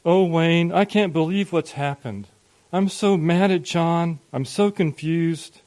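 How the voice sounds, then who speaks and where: A distraught mother begs her husband, her voice lifted higher and strained with tears, as a preacher puts her on. She pleads in slow, desperate bursts. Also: a little mellow. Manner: pleading, tearful.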